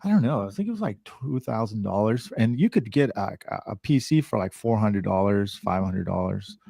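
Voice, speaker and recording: A man guest on a podcast, telling stories in a casual, animated way and acting out the people he quotes. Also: normal speed, vocal fry, no room sound. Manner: animated, acts out quoted voices with big pitch jumps. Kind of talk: casual storytelling.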